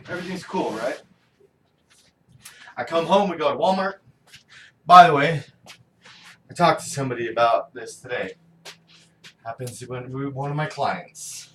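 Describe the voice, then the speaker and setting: In this video diary, a middle-aged man vents openly and swears often, with a fairly high, slightly bright voice. He's a vlogger, recorded from a distance with a little background noise.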